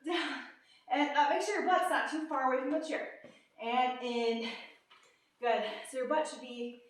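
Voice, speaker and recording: A woman's voice: high-pitched, unhurried. A woman fitness instructor leading a workout, counting reps and cueing moves while out of breath and upbeat. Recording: echoey room, from a distance.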